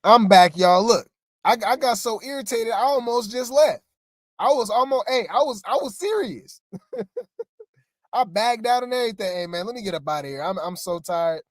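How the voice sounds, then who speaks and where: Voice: mid-range voice, animated, a little fast, dry recording, studio quality. A co-host giving casual gossip commentary, rambling and exasperated, often talking straight to the listeners.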